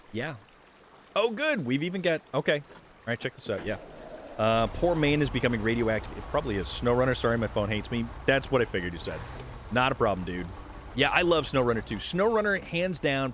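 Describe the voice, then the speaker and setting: A man's voice: mid-range voice, fairly bright tone, slight background noise. A man live-streaming a game, chatting loosely with viewers, joking and reading out the chat. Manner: rambling, jokey, reads chat aloud.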